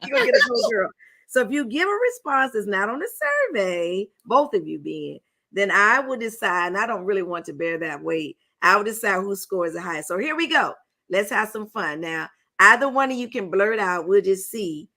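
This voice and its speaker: A woman's voice: mid-range voice, big pitch swings, moderate pace, sharp tone. A woman hosting a casual talk show, chatty and playful as she runs a party game for her guests. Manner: chatty and playful, with folksy phrasing.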